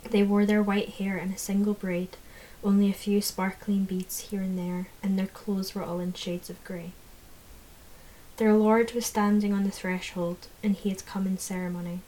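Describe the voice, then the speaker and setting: A woman narrating a fantasy audiobook in the first person, in a measured, low-key way. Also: warm tone, a little hiss or hum, rough recording.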